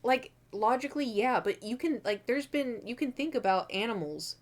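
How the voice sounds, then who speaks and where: A woman's voice: fairly high pitch, lively intonation, moderate pace. A young adult woman streaming from her room at home, chatting candidly and rambling with lots of fillers and the odd swear word. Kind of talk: casual chat.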